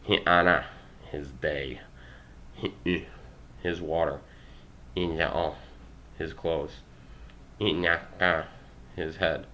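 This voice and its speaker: A man's voice: a bass voice, fairly even intonation, drawn-out words, long pauses, sharp tone, a little hiss or hum. A young man working through a language textbook aloud, sounding out phrases, stumbling over pronunciation and adding self-deprecating asides. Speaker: language learner vlogger.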